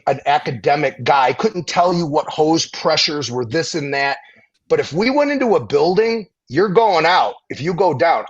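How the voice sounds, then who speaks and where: A middle-aged man, a veteran and former firefighter, telling stories in a casual interview, animated and profane, acting out the people he quotes. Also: a little high, slightly rough, highs cut off.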